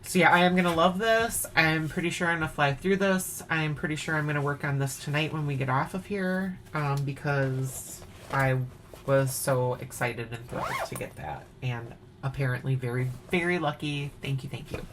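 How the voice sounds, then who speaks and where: In a casual nighttime show-and-tell at home, a woman from Wisconsin with an Upper Midwest accent displays her cross-stitch, chatting playfully and sometimes singing bits of songs. Her voice is low at a normal speed, and the background is noisy.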